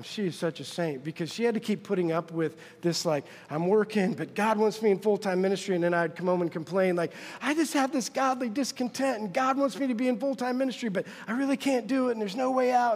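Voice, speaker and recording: A man preaching a sermon, telling a personal story and acting out the quotes with big jumps in his voice. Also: long reverb tail. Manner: animated, acts out quotes with big pitch jumps. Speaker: pastor.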